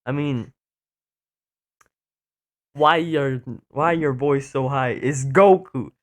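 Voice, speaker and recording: A man's voice: mid-range voice, slow pace. A young man hosting a reaction video, rambling and mocking himself as he comments. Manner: rambling, self-mocking, stumbles over words. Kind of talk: casual commentary.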